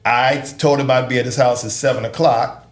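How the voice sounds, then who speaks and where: A man's voice: mid-range voice, a little fast, roomy sound. A middle-aged man, a sitcom creator, telling stories in an interview and acting out what others said. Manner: animated storyteller, acts out quotes. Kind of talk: storytelling interview.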